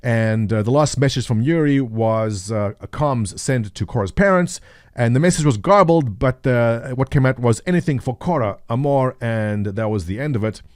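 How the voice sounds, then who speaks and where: A man's voice: mid-range voice, moderate pace, a little mellow, no room sound, studio quality. Chatty man commenting on game news. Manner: chatty, jokey, with frequent uh fillers. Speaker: gaming video host. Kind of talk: casual gameplay commentary.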